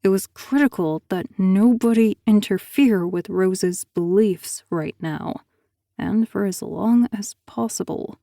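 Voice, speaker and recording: A woman narrating an audiobook thriller in a steady, even storytelling manner on a close mic. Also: mid-range voice, slow pace, gravelly, dry recording.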